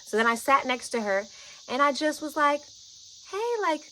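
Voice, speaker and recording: A woman vlogger telling a personal story, chatty and animated, often saying "like" and "y'all". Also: high voice, a little fast, a little hiss or hum, poor audio.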